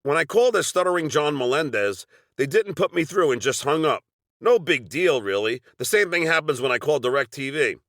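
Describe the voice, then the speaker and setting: A man's voice: fairly high pitch, expressive, normal speed, a bit bright, no echo, studio quality. A middle-aged man with a Long Island accent narrating a personal story from a script, with wry, sardonic asides.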